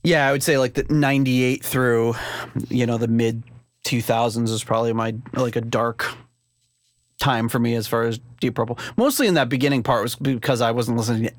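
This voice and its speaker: A man's voice: mid-range voice, fairly even intonation, fairly quick, dry recording, studio quality. A man hosting a casual podcast live stream, rambling with lots of fillers and laughing easily, recorded at home. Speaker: podcast host. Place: home room with a CD rack.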